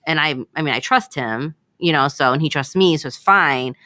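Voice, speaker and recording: A woman's voice: sits low, normal speed, pushed and bright. A woman co-hosting a casual radio talk show, chatting loosely with frequent "like" and "you know". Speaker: radio co-host.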